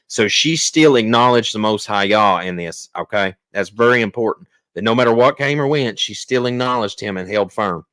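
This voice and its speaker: A man's voice: on the low side, moderate pace, few pauses, fairly bright tone, dry recording. A man hosting his own channel, reading scripture aloud and breaking off into plain, casual commentary. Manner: plain conversational delivery with fillers and restarts between readings. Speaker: channel host teaching on scripture.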